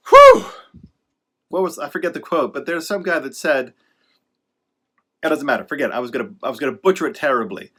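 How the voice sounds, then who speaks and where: This male author talks fast at a medium pitch, his voice a bit bright and husky. Offering writers casual motivation, he wanders and self-corrects, pushing his points emphatically and encouragingly with the occasional sarcastic jab.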